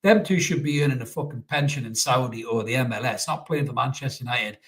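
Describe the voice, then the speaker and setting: A man's voice: mid-range voice, fast talker. A man co-hosting a live football reaction show, joking and swearing freely. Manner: sweary, jokey, repeats words when excited. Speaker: football podcast co-host. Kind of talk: live post-match reaction chat.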